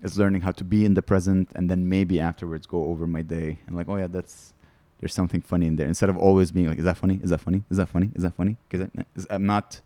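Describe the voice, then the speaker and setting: A man's voice: deep voice, flat delivery, fast talker, few pauses, mellow, dry recording. A man, a comedian guest on a podcast, telling rambling candid stories in casual chat. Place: studio.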